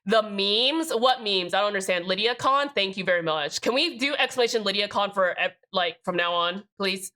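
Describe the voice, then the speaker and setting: A woman's voice: medium pitch, moderate pace, few pauses, bright, forceful tone. A woman live streamer chatting casually with her chat, joking and swearing, with rambling restarts. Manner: profane, joking, reads out chat names.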